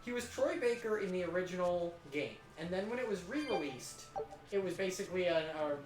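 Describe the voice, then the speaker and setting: A speaker with a mid-range voice chats over a video game, explaining trivia and often trailing off mid-thought. The voice sits in a roomy, echoing space. Game music plays clearly underneath. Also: medium pitch, lively intonation, a little fast, a little mellow. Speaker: let's play co-host. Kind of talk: casual gaming chat.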